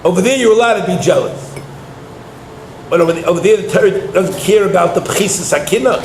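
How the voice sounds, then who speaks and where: A man's voice: high-pitched, fairly quick, roomy sound, slight background noise, poor audio. A man giving a Torah lecture as a rabbi, telling personal stories and acting out the dialogue with animation. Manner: animated storytelling, acts out dialogue, laughs often.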